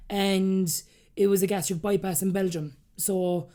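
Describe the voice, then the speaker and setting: A woman in her thirties with an Irish accent, a podcast guest telling her story candidly and acting out the things people said to her. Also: medium pitch. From Ireland. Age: 30s. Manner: rapid, animated, acts out quoted dialogue.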